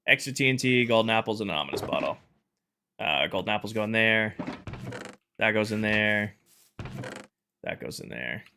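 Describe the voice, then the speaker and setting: A man's voice: on the low side, animated, normal speed, long pauses, background noise. A man streaming a game live, chatting casually, thinking aloud as he sorts items and greeting viewers in chat.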